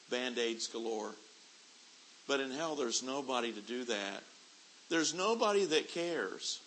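A middle-aged man preaching a sermon, moving from quiet storytelling to loud, shouted preaching. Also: mid-range voice, a little hiss or hum, rough recording. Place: church convention hall.

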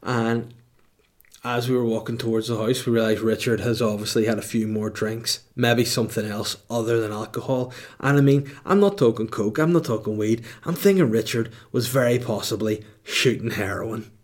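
A man's voice: medium pitch, moderate pace. A man telling a comic story in a casual, rambling way, laughing often and swearing freely. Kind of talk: comedic storytelling.

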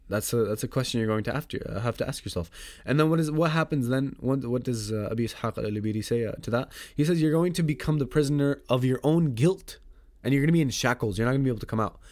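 A man hosting a podcast, explaining a poem in a casual lesson. He talks conversationally, asks himself rhetorical questions, restarts often, and recites verse in quick bursts. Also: medium pitch, a little mellow, no room sound, clean studio sound. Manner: recites Arabic verse rapidly.

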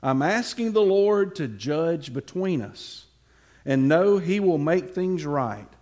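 A man voicing an earnest young warrior who loudly pleads his loyalty to a king in a Bible story told from the pulpit. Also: on the high side, very animated, takes it slowly. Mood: impassioned.

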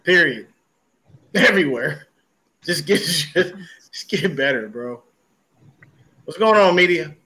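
A man with a high, bright, ringing voice riffs through a loose sports podcast. He tells stories with big energy and swears constantly. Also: slow, long pauses. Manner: animated storytelling with heavy cursing. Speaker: podcast co-host. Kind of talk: casual profane sports chat.

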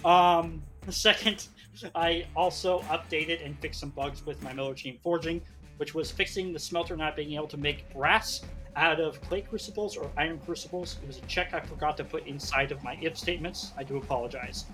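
An animated man chatting on a podcast and telling a story with lots of energy. He acts out his own lines as he goes, and there is faint music behind him. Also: a little high, moderate pace. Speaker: podcast co-host and modder. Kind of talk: casual podcast chat.

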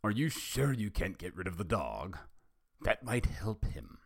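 A man reading the lines of a polite, fussy middle-aged male psychiatrist in a measured way, from fan fiction. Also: fairly low pitch, very animated, creaky, breathy edge, no room sound, studio quality, pitched above the performer's own voice, full character voice.

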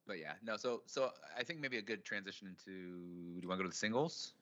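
A man with a fairly low voice talks casually as a podcast co-host, building up his points with energy as he goes. The sound is a little dull and lo-fi. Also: quick pace, fairly bright tone. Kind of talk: casual chat.

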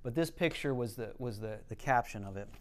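A man with a smooth, resonant voice of middling pitch gives a relaxed teaching talk. He speaks as a counselor would, earnest and explanatory. He leans on stories to carry his points. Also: brisk.

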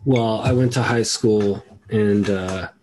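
A man hosting a podcast in a casual, rambling chat, keeping his voice down and trailing off quietly. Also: lowish voice, fairly even intonation, takes it slowly, slight background noise. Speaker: podcast host. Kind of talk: casual conversation.

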